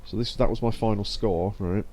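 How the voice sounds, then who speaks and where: A man's voice: lowish voice, fairly even intonation, moderate pace, darkish tone, a little hiss or hum. A young man casually commenting while streaming a game, chatty and laughing often as he reads game text aloud. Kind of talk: casual let's-play commentary.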